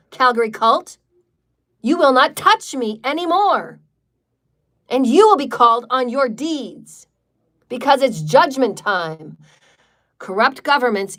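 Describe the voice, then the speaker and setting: A woman with a slightly high, somewhat bright voice leads a livestreamed healing meditation. She speaks defiantly and declaratively, repeating chant-like lines and swearing freely.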